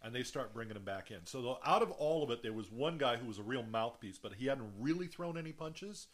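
Animated bright-voiced man telling a story. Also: mid-range voice, a little fast. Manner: animated, profane, laughs often, acts out voices. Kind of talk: casual storytelling chat.

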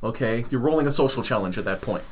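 A man's voice: medium pitch, expressive, quick pace, breathy edge. A man hosting a podcast, telling a rambling anecdote and acting out what people said. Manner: rambling anecdote, acts out quoted dialogue. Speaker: podcast host. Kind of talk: casual storytelling. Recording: phone-like narrow sound.

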